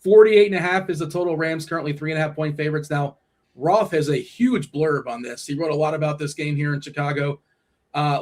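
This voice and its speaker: Man hosting a casual sports chat. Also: fairly high pitch. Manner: leads the segment, reads out numbers with fillers. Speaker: podcast host.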